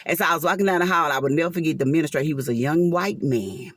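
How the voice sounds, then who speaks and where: A woman's voice: low-pitched, rapid-fire, no echo, studio quality. A woman, telling an emotional personal story to viewers in a casual vlog, with churchy asides.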